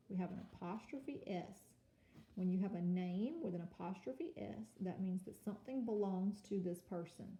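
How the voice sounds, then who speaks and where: A woman teaching a kindergarten home-learning lesson, speaking slowly and carefully and sounding out words for young children. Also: medium pitch, vocal fry, warm tone, lo-fi sound. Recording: echoey room with faint noise.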